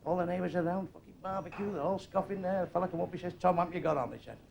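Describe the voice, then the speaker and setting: An older man telling crude jokes on a comedy club stage in a blunt, deadpan way. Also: high voice, very fast, gravelly, a little hiss or hum. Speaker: stand-up comedian. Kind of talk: stand-up joke telling. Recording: live club crowd laughing. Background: audience laughter.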